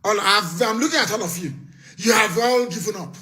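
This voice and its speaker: A man's voice: high voice, fairly quick, bright, forceful tone. A man giving an impassioned live broadcast address as a political activist leader, hammering rhetorical questions and issuing stern warnings. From Nigeria.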